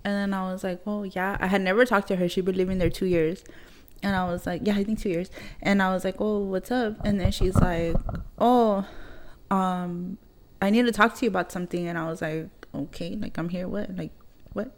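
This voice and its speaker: A woman's voice: medium pitch, steady tone, a little fast, crowd noise. A woman in her thirties, a podcast host, telling a personal story in casual chat, blunt and rambling with heavy swearing and many fillers.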